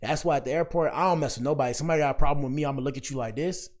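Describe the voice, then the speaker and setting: A man's voice: a little high, very fast. A young man giving casual, preachy reaction commentary in slangy talk, speaking straight to his viewers. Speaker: commentary streamer.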